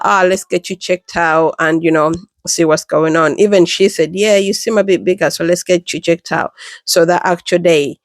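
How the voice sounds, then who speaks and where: A woman in her thirties from the United Kingdom, a mother telling her pregnancy story in a casual, chatty way, jumping up in pitch when she quotes people. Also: no room sound, clean studio sound. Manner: chatty and animated, acts out quoted voices with pitch jumps.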